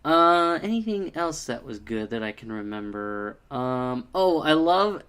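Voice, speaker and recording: A man's voice: medium pitch, sing-song, a little slow, fairly bright tone, clear, resonant tone. A man giving a casual spoken review, hesitant, with frequent ums and restarts. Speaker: video reviewer.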